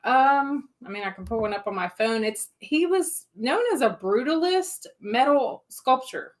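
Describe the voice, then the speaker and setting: Woman co-host, southern accent, hesitant, fillers, slightly high voice. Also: animated, unhurried. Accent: Southern American. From Northern Kentucky. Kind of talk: casual livestream chat.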